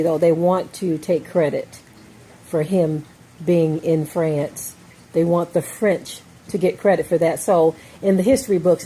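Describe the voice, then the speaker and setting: A woman's voice: fairly low pitch, warm tone, slightly rough. An American woman giving an emphatic opinion monologue, often checking in with "okay?" and "right?". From United States. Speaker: commentator.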